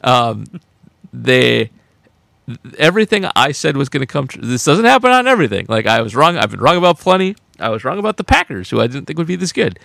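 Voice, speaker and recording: A man co-hosts a casual sports podcast with a gravelly, lively voice. He is chatty and gleeful and laughs often. The sound is dry and close. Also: medium pitch, a little fast, dry recording. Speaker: podcast co-host, football writer.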